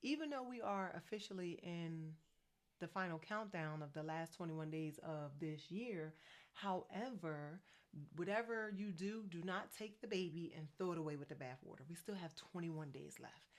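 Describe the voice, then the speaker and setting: A woman in her forties from New Jersey, a faith and fitness coach talking fast and excitedly in a motivational vlog. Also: on the low side. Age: 40s.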